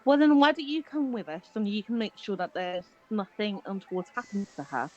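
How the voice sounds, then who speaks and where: A woman's voice: mid-range voice, big pitch swings, brisk, a little mellow. Persuasive woman on a dull mic. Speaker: player. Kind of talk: tabletop game role-play.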